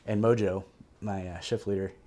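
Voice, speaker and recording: A man guest telling a story in a casual, animated way, swearing freely and acting out quoted voices. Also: low voice, normal speed. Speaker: guest, military veteran.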